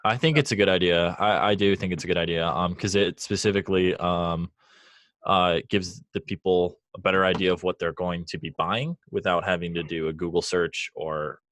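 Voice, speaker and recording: Young male host, very deep voice, casual and chatty with lots of fillers. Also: fairly even intonation, normal speed, a bit bright, no echo. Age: young adult. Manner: friendly, filler-heavy, laughs easily. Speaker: podcast host. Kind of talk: casual interview chat.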